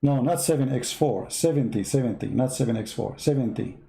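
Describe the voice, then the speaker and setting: A man's voice: medium pitch, fairly quick, gravelly, a crowd in the background. A man giving sarcastic commentary in broken English, mocking and teasing. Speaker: online religious debater.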